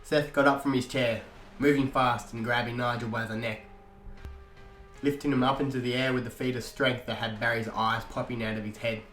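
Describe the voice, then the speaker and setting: A man narrating an audiobook-style story in a steady storytelling manner. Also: mid-range voice, moderate pace. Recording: echoey room, faint guitar music.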